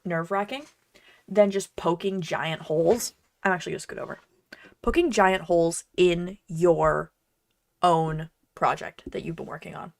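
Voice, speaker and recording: A woman cosplayer chatting casually while she crafts, bubbly, rambling and self-deprecating. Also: on the low side. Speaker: cosplayer and streamer.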